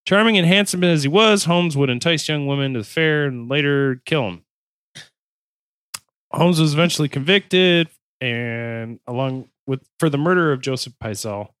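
A man's voice: fairly high pitch, normal speed, fairly bright tone, clear, resonant tone, dry recording. A man hosting a casual podcast, reading his notes aloud with jokes and self-corrections. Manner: joking, self-interrupting while reading. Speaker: podcast host.

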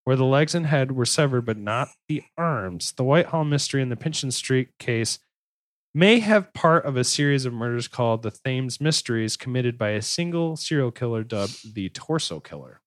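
A man's voice: medium pitch, lively intonation, normal speed, no echo. Crude joking man hosting a podcast. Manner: reads case notes, then riffs with crude jokes. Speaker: podcast host. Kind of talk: casual true-crime podcast chat.

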